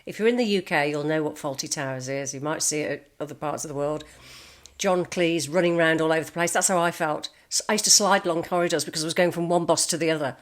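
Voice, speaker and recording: A woman's voice: deep voice, quick pace. An older woman telling stories about her working life in a chatty monologue, acting out the people she quotes. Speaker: vlogger. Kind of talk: casual storytelling monologue.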